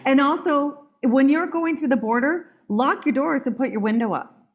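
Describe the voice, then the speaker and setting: A woman's voice: high-pitched, normal speed. Blunt woman hosting a group call. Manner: blunt, firm, rambling with restarts. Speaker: call host. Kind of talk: group video call talk. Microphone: video call. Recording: dull lo-fi call audio.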